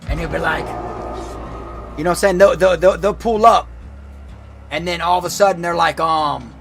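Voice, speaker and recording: A streamer man with a high, gravelly voice and a bright, forceful edge. He rambles through stories in slang, restarting his sentences, while game music plays faintly behind him. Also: normal speed. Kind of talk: casual gaming stream chat.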